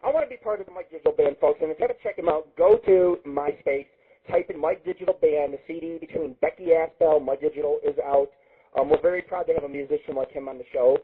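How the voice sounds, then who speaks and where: A man hosting an internet radio show, telling crude rambling stories in a profane, excitable monologue. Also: fairly high pitch, fast talker. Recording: husky lo-fi phone-line sound.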